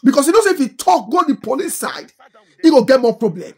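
A middle-aged Nigerian woman speaks in a thick Pidgin English accent, her voice pitched high and husky. She lectures and scolds with fervour, firing off one rhetorical question after another as she comments on current affairs. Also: big pitch swings, fairly quick, darkish tone. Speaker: social media commentator. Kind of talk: impassioned political commentary.

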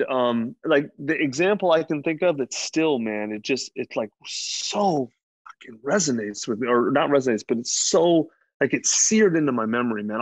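A man's voice: mid-range voice, no room sound. A man guesting on an interview show, telling a personal story in a candid, rambling way, full of fillers and casual swearing. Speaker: podcast guest. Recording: dull dry lo-fi sound.

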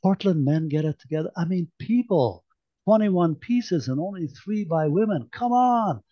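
A man's voice: sits high, animated, normal speed, dry recording, lo-fi sound, pitched above the performer's own voice. Sarcastic activist woman Merica, as a male author reads her. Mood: indignant. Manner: sarcastic, pointed rhetorical questions. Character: indignant sharp-tongued woman activist.

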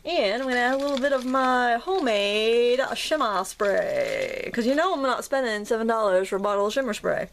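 A woman's voice: fairly high pitch, animated, normal speed, few pauses, a little hiss or hum. A woman from Maine with a Maine accent, hosting a casual craft tutorial in a chatty, jokey, self-deprecating way.

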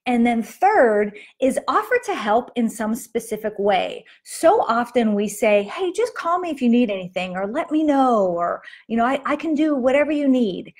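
A middle-aged woman hosting a faith-based moms' talk, chatting conversationally with frequent restarts and fillers. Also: on the high side. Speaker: host of a moms' ministry talk. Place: Las Vegas.

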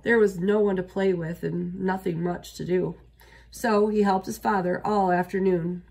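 A woman reading a children's picture book aloud as a storyteller, steady and expressive. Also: on the low side, moderate pace, vocal fry, breathy edge.

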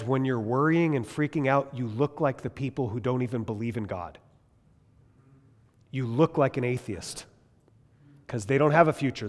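A man teaching a Bible class in a lively, conversational way, asking his listeners questions as he goes. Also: medium pitch, big-room sound. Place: large classroom or hall.

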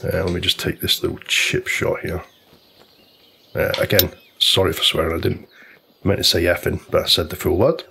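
A man's voice: deep voice, level tone, normal speed, vocal fry, bright, forceful tone, slight background noise. A man casually telling a long, rambling story while commenting on a golf video game. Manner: chatty storyteller, loose and informal, many restarts.

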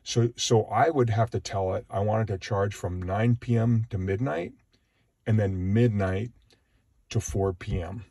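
A man's voice: on the low side, a little slow, mellow, breathy edge, no echo, studio quality. A man giving a casual walkthrough of his car's settings from inside it, rambling, hesitant and correcting himself as he goes. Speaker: car owner giving a tour. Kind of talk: casual walkthrough, thinking aloud.

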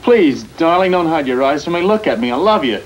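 A man's voice: on the low side, moderate pace, background noise, natural voice. An actor playing a tormented, fragile young male dancer in a 1940s film, anguished and pleading. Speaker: ballet dancer.

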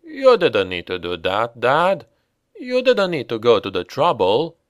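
A man's voice: mid-range voice, wildly swooping pitch, unhurried, no echo, clean studio sound. A man reading the part of an eager young man on guard duty, pleading and rising with worry as he asks after his brother. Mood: anxious.

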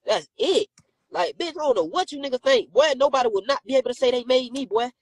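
A man's voice: very high-pitched, lively intonation, fast talker, no echo, poor audio. A man ranting on a phone live stream, brash and confrontational, firing profane insults at his critics. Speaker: rapper and comedian on a live stream.

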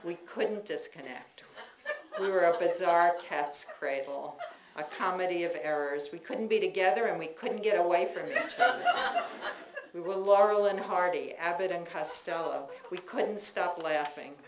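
A woman writer reading her memoir aloud at a live bookstore event, wry and expressive, laughing through the funny parts. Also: lowish voice, measured pace, a crowd in the background. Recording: roomy bookstore with faint noise.

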